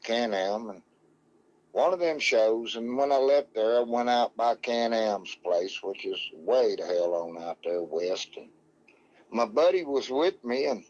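A man's voice: on the low side, darkish tone, highs cut off. Salty, rambling man telling a story. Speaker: guest, dog man. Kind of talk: casual storytelling.

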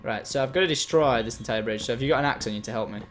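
A man chatting casually as he plays a game, explaining and getting excited as he goes. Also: medium pitch, rapid-fire, a little hiss or hum. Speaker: gaming host. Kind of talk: casual chat while gaming.

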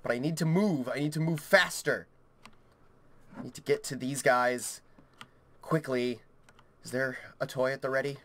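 Narrating a horror game let's play, a young YouTuber speaks at medium pitch and a moderate pace, with long pauses and a slightly bright tone. He's panicky, swearing and rambling to himself while his keyboard clicks faintly at the desk mic, and there's a little hiss or hum.

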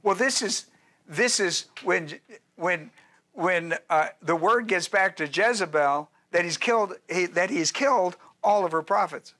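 A man's voice: sits high, unhurried, pushed and bright. A male pastor teaching a sermon in a folksy, joking way, with restarts and asides to his listeners.

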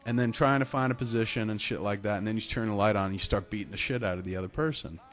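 Low-ish guy on a podcast telling a crude rambling story, swears a lot. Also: racing, faint music behind. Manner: profane, rambling anecdote with laughs. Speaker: podcast co-host. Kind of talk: casual chat, storytelling.

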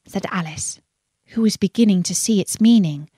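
A woman reading a children's storybook aloud in an expressive way. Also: mid-range voice, slightly rough, no echo, clean studio sound. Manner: slow, expressive, lilting reading.

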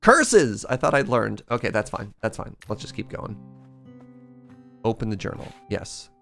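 A man streaming a video game live, with playful, excitable commentary. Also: lowish voice, moderate pace, vocal fry, faint music behind.

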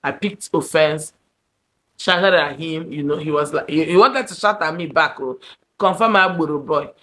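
A young woman with a Nigerian accent, telling a personal story to camera in an animated, dramatic way. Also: low-pitched, normal speed. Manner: animated, dramatic storyteller, shifting between loud and hushed. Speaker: vlogger. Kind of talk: storytime monologue.

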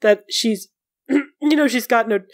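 A woman voicing a stern, formal male warrior leader in a tabletop game, speaking slowly and formally. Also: a little high, no echo, studio quality. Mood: flustered. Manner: measured, formal.

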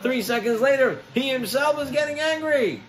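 A man with a high, bright-pitched voice delivers a sermon as a rabbi. He tells stories with energy and acts out the characters he quotes. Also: lively intonation, moderate pace, slight background noise, low-quality recording.

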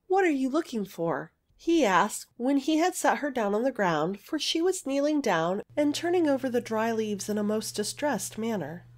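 A woman narrating a fairy story aloud in an expressive, gentle storytelling manner. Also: fairly high pitch, normal speed, hardly any pauses.

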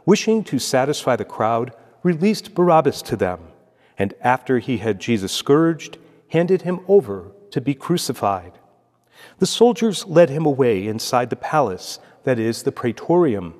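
Solemn priest in a reverberant church. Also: male voice, fairly high pitch, a little mellow. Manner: measured, solemn liturgical delivery. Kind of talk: reading scripture aloud and preaching. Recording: long echoey church reverb.

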